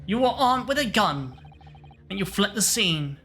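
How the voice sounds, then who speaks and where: A woman's voice: mid-range voice, big pitch swings, a little slow, fairly bright tone, faint music behind. A woman playing an earnest young defense lawyer. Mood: probing. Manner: probing, questioning.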